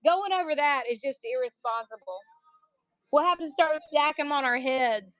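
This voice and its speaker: Woman, country accent, livestream seller, jokey and chatty with viewers, high voice. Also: moderate pace, a bit bright, no echo. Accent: American country. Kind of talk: casual live sales chat.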